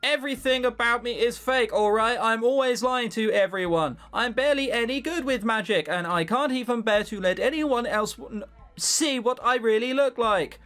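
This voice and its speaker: A man voicing a proud but anxious young witch girl, high-strung and defensive, over quiet music. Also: moderate pace. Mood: upset. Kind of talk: let's play voice acting.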